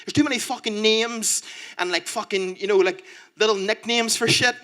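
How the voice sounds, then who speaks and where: A man telling animated, profane anecdotes in casual talk. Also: sits high, normal speed. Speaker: comedian. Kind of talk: casual storytelling.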